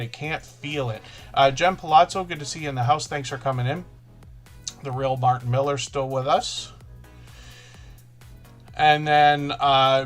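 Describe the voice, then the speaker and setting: A man hosting a live stream, talking fast and casually, often restarting his sentences as he greets viewers. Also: mid-range voice. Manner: fast-talking, self-correcting, chatty. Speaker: livestream host.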